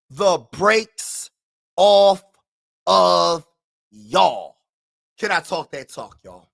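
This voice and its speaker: A man hosting a casual live stream who talks to his chat in slang, repeats himself, and swings from low mutters to frustrated shouting. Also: lively intonation, a little slow, creaky.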